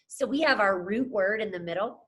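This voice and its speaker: A young adult woman teacher with a mid-range voice and moderate pace gives a scripted phonics lesson to children on camera. She's upbeat and encouraging, talking to them like friends.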